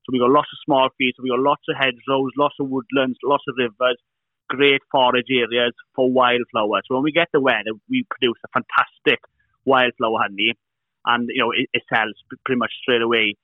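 A man, a guest explaining his beekeeping business, talking in a halting way with many restarts. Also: mid-range voice, flat delivery, no room sound. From Wales. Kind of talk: casual interview talk. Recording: dry, tinny phone-like line.

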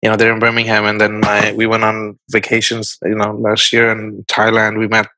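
Bright-voiced male podcast host. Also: fairly low pitch, completely flat delivery, normal speed, no room sound, rough recording. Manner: easygoing, thinks aloud, friendly and chatty. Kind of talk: casual conversational interview.

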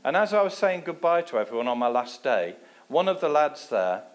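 English man preaching with lively storytelling. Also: fairly quick. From England. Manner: lively storytelling, drops to a low voice for asides. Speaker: guest preacher. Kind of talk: sermon with personal testimony.

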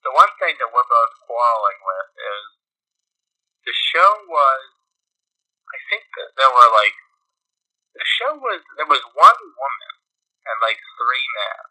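A man from New York rambles through a story in relaxed conversation, often losing his thread and poking fun at himself. His voice is hard and forceful, pitched in the middle. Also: measured pace, pauses often, poor audio. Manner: rambling, self-deprecating, loses his thread. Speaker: podcast co-host. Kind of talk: casual storytelling chat.

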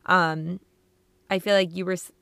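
A woman's voice: fairly low pitch, little pitch movement, gravelly, a bit bright, clean tone, dry recording. A young woman co-hosting a podcast, chatting casually in an upbeat, talkative way. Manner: chatty, upbeat, quick laughs. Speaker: podcast co-host. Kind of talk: casual chat.

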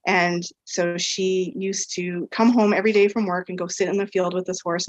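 A woman with a fairly low voice, a podcast guest who practices equine therapy, rambles through a personal story, saying "like" and "um" again and again. The recording is dry and muffled.

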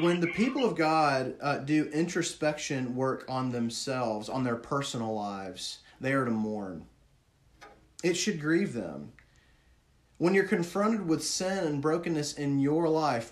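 A man preaches with earnest conviction in a voice of ordinary pitch. He often asks his listeners questions. On words of sorrow he sinks into a hushed, lower tone. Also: expressive, measured pace. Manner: earnest, drops to a hushed low voice on grief words. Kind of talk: sermon.

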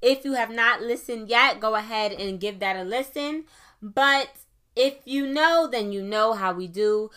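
Young woman podcast host; quick, chatty delivery with a bright, forceful edge. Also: mid-range voice, clean tone. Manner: chatty, fast-talking, affirming with "okay?". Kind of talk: casual faith podcast monologue.

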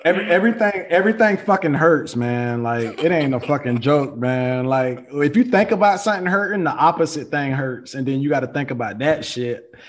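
A man in his thirties chatting casually as a podcast co-host, animated and profane, acting out what people say. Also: a little high, a little fast. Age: 30s. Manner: animated, profane, acts out quoted lines. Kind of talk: casual chat.

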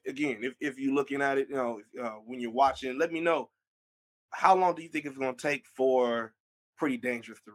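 A young man hosting a casual wrestling recap, excitable and animated, often repeating his words. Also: medium pitch.

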